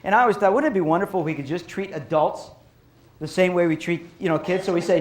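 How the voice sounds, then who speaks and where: A man giving a storytelling lecture to an audience on violence prevention, animated and repeating phrases for emphasis. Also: fairly high pitch, fast. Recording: roomy echo.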